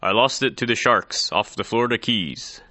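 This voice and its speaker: A man voicing a gruff male pirate who answers plainly and flatly. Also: on the low side, moderate pace, no room sound. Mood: matter-of-fact. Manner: plain, matter-of-fact answers.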